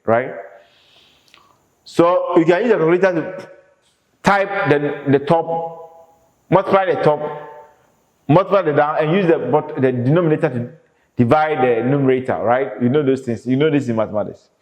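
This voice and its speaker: A man's voice: a little high, normal speed, long pauses, darkish tone. A man teaching an economics lesson in an emphatic way, asking the class questions and then answering them himself. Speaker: economics lecturer. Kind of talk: classroom lecture. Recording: echoey reverberant room.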